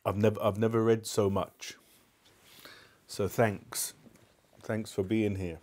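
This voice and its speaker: Male live-stream reader, relaxed low tone, friendly asides between story passages. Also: slow pace. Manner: chatty and appreciative asides. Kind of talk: reading aloud live and chatting with viewers.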